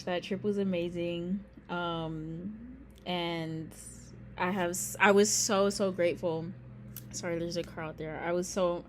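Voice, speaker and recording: A woman's voice: fairly low pitch, a little hiss or hum. A young woman chatting to camera in a casual vlog, rambling with lots of "like" and "um". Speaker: vlogger. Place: indoors near a street with passing traffic.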